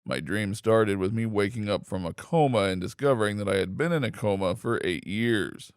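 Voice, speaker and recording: A man reading online posts aloud in steady, scripted narration. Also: on the low side, normal speed, smooth, no room sound, studio quality. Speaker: story reader.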